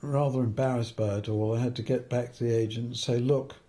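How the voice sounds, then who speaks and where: A man's voice: mid-range voice, steady tone, quick pace, mellow. An older man, a film editor, telling anecdotes in an interview, hesitant with fillers and restarts and the odd chuckle.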